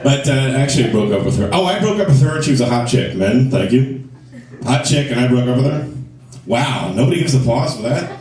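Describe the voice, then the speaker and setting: A man's voice: mid-range voice, animated, fairly quick, a little mellow. A man doing a stand-up comedy set at a club, with crude, self-mocking punchlines. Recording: echoey club, mic from a distance.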